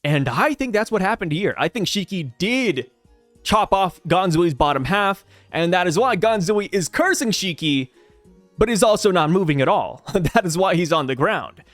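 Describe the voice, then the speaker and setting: High, animated man breaking down a comic. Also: moderate pace, no echo, faint music behind. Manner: animated, jokey, thinks aloud. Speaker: manga review channel host. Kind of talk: casual commentary video.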